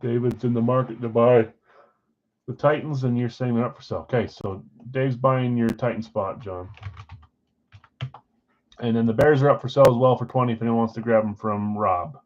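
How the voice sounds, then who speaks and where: A man's voice: mid-range voice, steady tone, moderate pace, highs cut off, a little hiss or hum. A tired, yawning man hosting a live card break stream. He chats casually with viewers and calls out which teams they hold. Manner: chatty, rambling, talks straight to viewers. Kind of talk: casual live-stream chat, calling out team spots.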